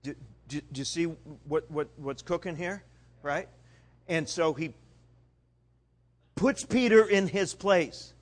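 A man preaching a sermon in an animated, conversational way with dramatic swings in his voice. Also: on the high side, takes it slowly, pauses often. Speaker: pastor.

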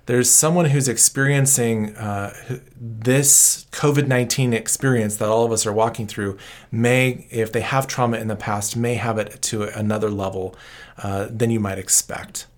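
A man in a mid-range voice, neither high nor low, talks through advice as a trauma counselor. His delivery is calm and explanatory, with a reassuring, counseling manner as he lays out practical steps. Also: normal speed. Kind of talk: interview answers.

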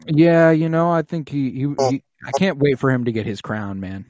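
A man recapping a show in casual chat, animated and profane, laughing often. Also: mid-range voice, moderate pace, dry recording.

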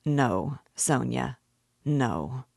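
A woman's voice: deep voice, fairly even intonation, slow pace, a little mellow, dry recording, studio quality. A woman reading aloud and voicing a weary, brooding young man who mutters bitterly.

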